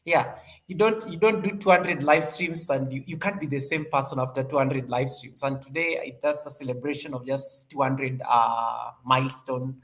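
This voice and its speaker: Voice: medium pitch, steady tone, moderate pace. A livestream host in casual chat, greeting viewers one by one in an upbeat, chatty way, often repeating phrases and laughing.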